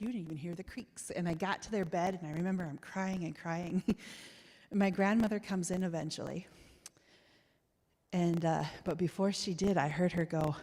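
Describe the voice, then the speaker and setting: A woman speaker in a church, telling a childhood story in a reminiscing way with soft laughs. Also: on the low side. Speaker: guest speaker. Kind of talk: storytelling sermon. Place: church sanctuary. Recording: church hall with long reverb.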